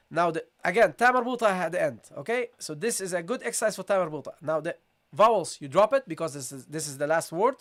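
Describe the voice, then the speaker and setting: A Quran recitation teacher giving a tajweed lesson, patiently repeating syllables slowly for students, with a slight cold and occasional throat-clearing. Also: mid-range voice, lively intonation. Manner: patient, repeats sounds slowly, calls listeners "guys". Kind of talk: tajweed lesson, live session.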